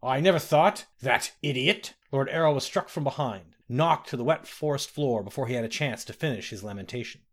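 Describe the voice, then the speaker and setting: A man narrating a fantasy audiobook in a steady, dramatic storytelling manner. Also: medium pitch, fairly quick, hardly any pauses.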